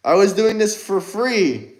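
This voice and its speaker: A man's voice: high voice, lively intonation, unhurried, a little mellow, poor audio. A man hosting a casual livestream, firing mocking, combative replies at his chat. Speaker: livestream host.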